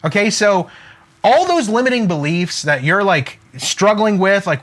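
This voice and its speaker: A middle-aged man coaching online entrepreneurs in an energetic, emphatic talk, peppered with "like" and "okay?". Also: high voice, a little slow. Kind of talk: motivational direct-to-camera talk.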